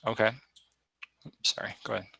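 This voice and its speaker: Game master, male, halting narration, bright tone, dry close sound. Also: dry recording. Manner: hesitant, filler-heavy narration.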